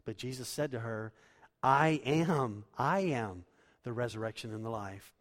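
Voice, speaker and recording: A male pastor preaches in a middle-pitched voice, walking his listeners through scripture verse by verse. His words carry a long reverb, as if he is speaking in a large church sanctuary. He swings from quiet explanation to loud, emphatic declarations. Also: a little slow. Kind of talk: sermon.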